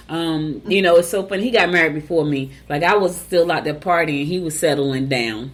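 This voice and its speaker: A woman with a deep voice hosts a morning show, talking a little fast with hardly any pauses. She tells stories in a chatty, casual way, adds asides to her listeners, and reads horoscopes.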